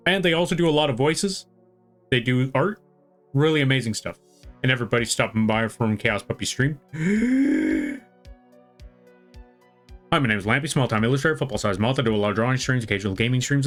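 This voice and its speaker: A man with a relaxed American accent that has a slight Southern twang chats casually on a live stream. He rambles in a friendly way and greets viewers by name. His pitch sits in an ordinary middle range, with faint music playing behind him. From western United States. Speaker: art streamer.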